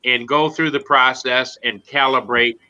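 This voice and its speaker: A man with a sharp, bright tone, walking a listener through instructions step by step. His voice comes over a muffled, lo-fi line. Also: medium pitch, fairly even intonation, unhurried. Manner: instructive, giving step-by-step advice. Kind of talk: casual live chat. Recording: muffled, lo-fi call audio.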